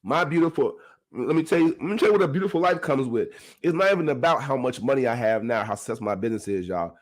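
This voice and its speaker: A man hosting his own podcast, talking to his listeners in a casual motivational monologue, animated and laughing often. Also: medium pitch, fast. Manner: animated, laughs often, talks straight to the audience. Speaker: podcast host.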